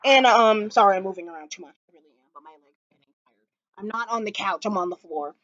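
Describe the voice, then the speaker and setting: A woman's voice: medium pitch, fast talker, a bit bright, no echo, highs cut off. A woman vlogger sitting on the floor at home, gushing and rambling about a TV episode with lots of fillers. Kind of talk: casual chat.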